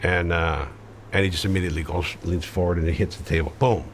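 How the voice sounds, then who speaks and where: Deep-voiced man telling a blunt story. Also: fairly even intonation, fast, a little hiss or hum. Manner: blunt, matter-of-fact and profane, with frequent fillers. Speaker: interview guest recounting his past. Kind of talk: conversational storytelling.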